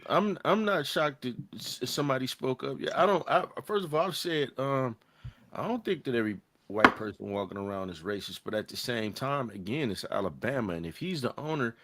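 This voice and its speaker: A man's voice: mid-range voice, animated, fairly quick, a bit bright, a little hiss or hum. A man hosting a podcast, talking casually and animatedly, often restarting sentences and leaning on "man". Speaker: podcast host. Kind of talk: casual chat.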